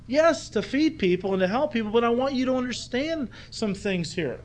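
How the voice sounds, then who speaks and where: A man's voice: extremely high pitch, animated, moderate pace, few pauses. A man preaching an expository sermon in a conversational way, acting out quoted lines as he teaches. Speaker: pastor.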